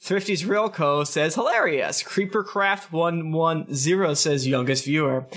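A man's voice: a little high, a little slow, hardly any pauses, fairly bright tone. A man co-hosting a podcast, reading out listener reviews in a playful, joking way. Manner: playful, gives quotes silly voices. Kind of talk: casual banter, reading reviews aloud.

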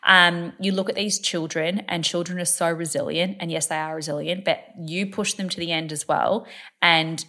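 Emphatic low-voiced Australian woman. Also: steady tone, moderate pace, sharp tone. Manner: emphatic, builds repetitive lists. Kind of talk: casual podcast chat.

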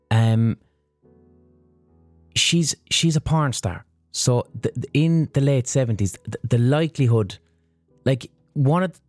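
A man's voice: mid-range voice, a little mellow, dry recording. A man hosting a podcast, telling a story in a casual, profane monologue. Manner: profane, storytelling with acted-out quotes. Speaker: podcast host.

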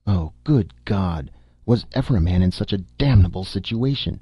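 A man's voice: sits low, moderate pace, breathy edge, no echo, lo-fi sound. A man reading the part of a gloomy, brooding middle-aged father who speaks impatiently and bitterly.

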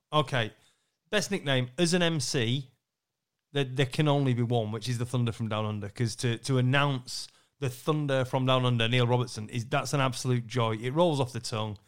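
A man co-hosting a podcast, telling animated anecdotes, laughing often and acting out what others said. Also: mid-range voice, clear, resonant tone. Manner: animated storyteller, laughs often, acts out quotes. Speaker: podcast co-host, snooker MC.

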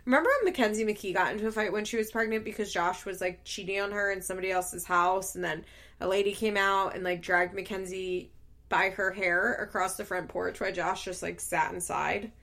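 A woman recapping events in a loose, chatty way, filling her talk with filler words and breaking into laughs. Her storytelling is lively and animated, and her voice sits at an ordinary pitch for a woman. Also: fairly quick. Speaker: show recapper.

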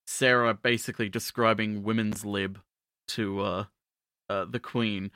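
A man's voice: lowish voice, flat delivery, unhurried, sharp tone, smooth, no room sound, studio quality. A man co-hosting a casual podcast, talking in a hesitant, wry way with lots of ums and uhs. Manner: hesitant, filler-heavy, wry. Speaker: podcast co-host.

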